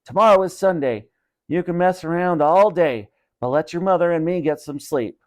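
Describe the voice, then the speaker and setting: A man voicing a tired father who scolds loudly through a wall. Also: a little high, moderate pace, pitched above the performer's own voice, close to an everyday voice. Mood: scolding. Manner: loud, scolding.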